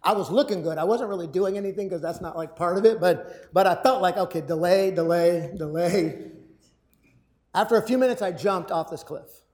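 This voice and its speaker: A man giving a motivational talk to a live audience. He tells a personal story with energy, acts out shouted lines and often repeats his words. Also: high-pitched, fast talker. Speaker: public speaker.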